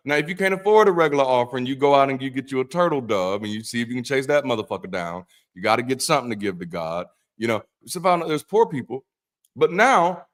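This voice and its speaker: Profane, animated ex-preacher man. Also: fairly high pitch. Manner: profane, animated, swings from mock-preacher solemnity to incredulous outbursts. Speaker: ex-pastor host. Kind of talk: irreverent Bible commentary.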